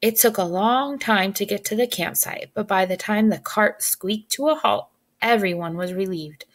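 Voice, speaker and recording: A woman narrating a children's storybook in a gentle, clear read-aloud delivery. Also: mid-range voice, moderate pace.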